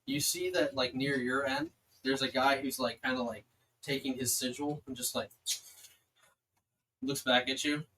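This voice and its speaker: A man's voice: mid-range voice, steady tone, normal speed, long pauses, bright, forceful tone, slight background noise, poor audio. A man running a tabletop game as game master, narrating a battle in a loose way with many fillers.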